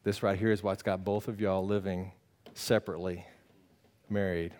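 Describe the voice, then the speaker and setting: Animated preacher man. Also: deep voice, moderate pace. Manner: animated, swings between loud bursts and quiet earnest talk; conversational, teasing the congregation. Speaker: pastor. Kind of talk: sermon.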